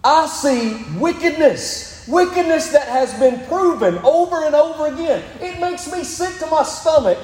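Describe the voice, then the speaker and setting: Emphatic high-voiced pastor preaching in a hall. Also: male voice, animated, measured pace, few pauses, darkish tone. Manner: emphatic, repeatedly urging "listen". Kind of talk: sermon. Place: church sanctuary. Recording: echoey hall.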